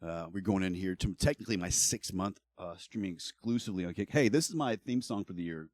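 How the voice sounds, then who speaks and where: A middle-aged man talks straight into his stream, blunt and heavy with swearing as he vents. His voice sits on the low side. The sound is dry and close, with no room echo. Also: a little fast, a little mellow. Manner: blunt, heavily profane, heated ranting. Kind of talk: casual livestream talk.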